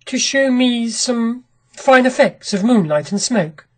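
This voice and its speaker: A woman voicing an anxious young man in a classic story, speaking quietly and uneasily. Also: fairly high pitch, lively intonation, takes it slowly, voice pushed up. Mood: uneasy. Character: brooding bitter young man, anxious lover.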